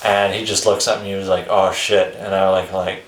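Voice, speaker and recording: A man with a fairly low voice tells a personal story in a loose, rambling, conversational way. He swears casually and keeps breaking into short chuckles. The sound is roomy, with a noticeable echo around him. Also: flat delivery, a little fast, a little hiss or hum. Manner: rambling, chuckles between phrases, swears freely. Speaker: vlogger telling his life story.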